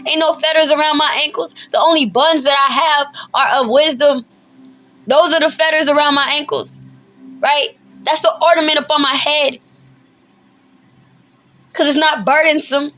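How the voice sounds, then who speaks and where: A woman teaches scripture in an emphatic, preacherly way. Her voice sits high and sounds bright and forceful. She talks colloquially and laughs often between points. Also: steady tone, moderate pace, faint music behind. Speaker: bible teacher.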